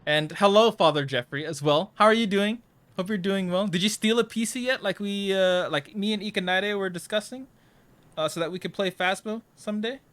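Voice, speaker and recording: A man's voice: high voice, a little fast, fairly bright tone. A young man casually chatting to viewers while playing a horror game live, jittery and nervous, often trailing off into mumbles. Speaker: livestreamer.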